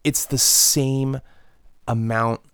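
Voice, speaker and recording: A man's voice: medium pitch, fairly even intonation, very slow, fairly bright tone, smooth, no echo, studio quality. A man hosting a solo podcast, ranting in a profane, exasperated way with lots of restarts. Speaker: podcast host. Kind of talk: solo comedic rant.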